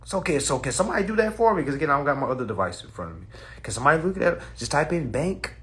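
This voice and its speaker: A man hosting a casual livestream on his phone, talking in a preachy, animated way, cursing freely and laughing at his own points. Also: a little high, very fast. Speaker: livestream host.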